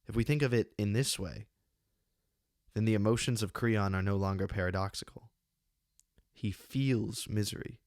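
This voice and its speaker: A man reading his own essay on a classic play, measured and deliberate, with slow emphatic pauses, close to a studio microphone. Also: lowish voice, darkish tone, no room sound. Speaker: channel host giving a literary analysis.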